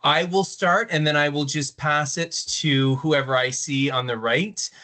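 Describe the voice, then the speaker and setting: A man's voice: on the high side, steady tone, measured pace, bright, forceful tone. A man, an assistant superintendent, leading introductions in a virtual meeting in an upbeat way with some fillers. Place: video call.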